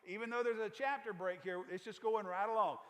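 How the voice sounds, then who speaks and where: High-voiced pastor telling a folksy sermon. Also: male voice, fairly even intonation, a little fast, a bit bright, in a large hall. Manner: folksy storytelling with casual asides. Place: church sanctuary.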